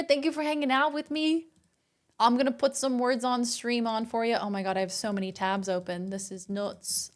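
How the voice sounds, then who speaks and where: Australian woman streamer, slightly high voice, casual and teasing. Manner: playful, chatty, addresses chat as gamers. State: a little out of breath. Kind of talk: casual live-stream chat.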